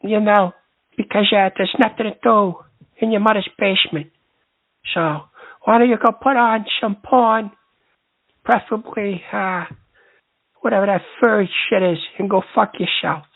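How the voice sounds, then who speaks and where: A man's voice: high voice, unhurried, gravelly, pauses often. A male host of a call-in advice show, combative and rambling, trading insults with callers. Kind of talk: call-in radio show hosting. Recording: lo-fi phone-like line.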